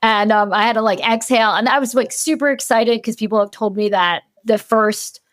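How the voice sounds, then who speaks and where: An animated woman on a podcast as the guest expert, her voice fairly high. She talks casually and acts out her own reactions. The recording is close and dry. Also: brisk, no room sound.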